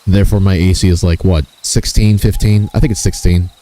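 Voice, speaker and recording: A man's voice: deep voice, steady tone, brisk, warm tone. A man chatting casually on his gaming stream, joking crudely and swearing freely. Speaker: VTuber streamer.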